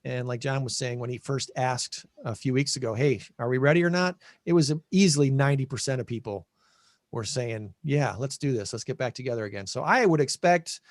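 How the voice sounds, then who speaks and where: A man's voice: mid-range voice, fairly quick, no echo, clean studio sound. A man with a Midwestern American accent hosting a casual podcast over a video call, rambling and correcting himself as he talks. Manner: rambling, self-correcting, chatty. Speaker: podcast host. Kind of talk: casual chat.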